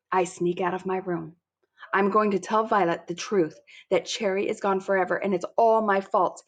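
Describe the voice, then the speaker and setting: A woman reads a children's storybook aloud in the first person. Her telling is lively and childlike, with a husky, breathy voice at a mid pitch. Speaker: audiobook narrator.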